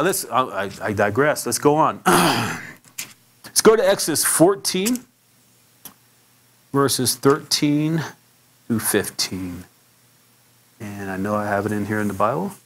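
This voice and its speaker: A man preaching a sermon as pastor, telling stories in a conversational way, sometimes stumbling and repeating words, and leaping much higher in pitch when he acts out quotes.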